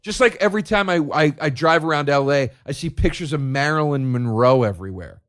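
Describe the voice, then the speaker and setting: A man's voice: a little high, brisk. Sarcastic, profane ranting man. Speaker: comedian podcast host. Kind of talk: solo comedic rant.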